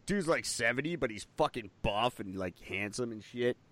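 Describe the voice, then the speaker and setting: A man's voice: mid-range voice, moderate pace. A man co-hosting a podcast, bantering crudely with lots of swearing and jokes. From Canada. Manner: animated, swearing, jokey. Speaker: podcast co-host.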